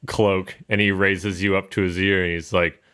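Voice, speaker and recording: A man narrating a tabletop game as game master, telling the story in an animated, laughing way. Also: sits low, normal speed, clear, resonant tone.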